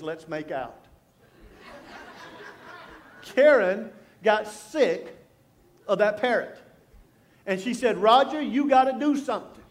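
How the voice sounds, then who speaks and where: A middle-aged man preaching a sermon as a pastor, telling stories and shifting from loud humor to hushed, intense appeals. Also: fairly high pitch. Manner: storytelling, swings from loud jokes to hushed intensity.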